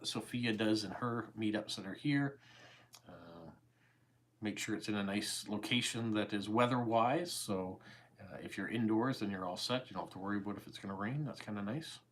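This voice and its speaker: A calm, easygoing Canadian man in his forties with a very deep voice, chatting casually with viewers on a live stream. He sounds unhurried and relaxed, and a faint hiss sits under his voice. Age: 40s. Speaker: YouTube host. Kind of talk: casual livestream chat answering viewer comments.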